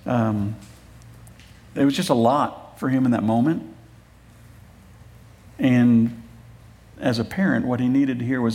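Middle-aged male pastor, sermon in church, chatty delivery with jokes mixed into earnest appeals, mid-pitched. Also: fairly even intonation, unhurried, long pauses. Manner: conversational, joking asides, warm appeals.

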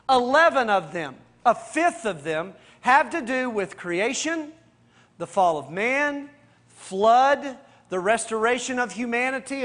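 With a voice strikingly high for a man and a bit bright, this pastor runs a Bible study class in the style of a friendly teacher. He talks casually and directly to his listeners, asks one question after another and returns to his main points again and again.

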